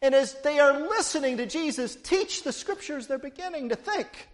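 A man's voice: very high-pitched, animated, moderate pace, hardly any pauses. A man preaching a sermon, retelling a story with playful asides to the congregation.

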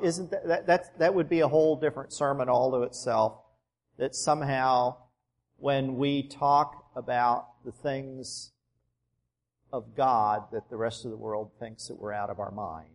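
A man pastor giving a sermon in a church, telling the story conversationally and dropping soft for emphasis. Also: mid-range voice, fairly even intonation, measured pace, in a large hall.

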